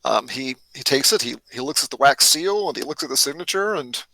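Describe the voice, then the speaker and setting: A man's voice: mid-range voice, animated, brisk, sharp tone, no echo, low-quality recording. A man narrating as game master in a tabletop role-playing game, often hesitant and restarting his sentences. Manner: hesitant, many fillers and restarts.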